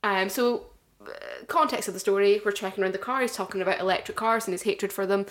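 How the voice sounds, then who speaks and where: A young woman co-hosting a podcast, telling an animated story with frequent laughter. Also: mid-range voice, fast. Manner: animated storyteller, laughs often, mimics others. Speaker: podcast co-host. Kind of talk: casual chat, storytelling.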